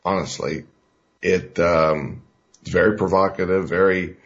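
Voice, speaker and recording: A man's voice: low-pitched, unhurried. A man hosting a talk radio show, talking in an emphatic, folksy, rambling way with fillers. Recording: dull lo-fi radio recording.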